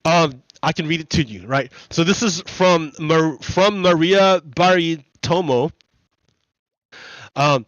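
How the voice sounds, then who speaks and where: A man hosting a gaming channel, explaining in a repetitive, halting way full of restarts during casual commentary over gameplay. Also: high voice, fairly bright tone, no room sound, lo-fi sound.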